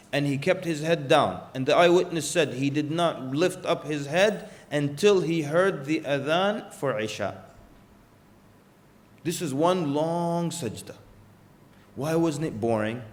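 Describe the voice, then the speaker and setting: A man giving a religious lecture in an earnest, storytelling manner, asking the audience rhetorical questions. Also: a little high.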